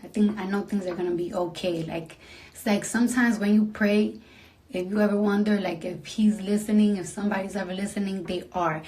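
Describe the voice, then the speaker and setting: Emotional woman talking softly late at night. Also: steady tone, fairly quick. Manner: emotional, rambling, heartfelt; soft and low-key, trailing into near-whispers. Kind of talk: late-night livestream talk to fans.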